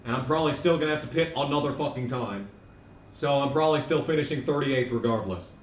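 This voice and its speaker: A man's voice: mid-range voice, fast. A young man streaming a racing game, ranting and joking with sarcastic, profane asides. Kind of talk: casual gaming commentary. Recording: echoey room, distant mic, faint noise.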